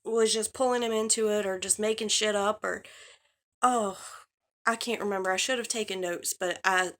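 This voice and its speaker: A woman's voice: medium pitch, steady tone, moderate pace, a bit bright. A woman giving a heated, exasperated commentary rant on her vlog, swearing and talking straight at the person she is criticising. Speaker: drama commentary vlogger.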